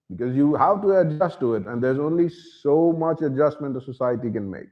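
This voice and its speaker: Male host, opinion monologue, swooping lively delivery, dull lo-fi recording. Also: fairly high pitch, moderate pace. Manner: animated, slips into mocking voices, calls himself by name. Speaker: channel host.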